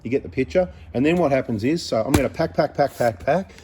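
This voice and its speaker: A man's voice: mid-range voice, lively intonation, fast, background noise. A middle-aged man running a parts business, talking casually to camera in a blunt, rambling way. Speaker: mechanic and parts seller. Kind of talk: casual vlog talk to camera.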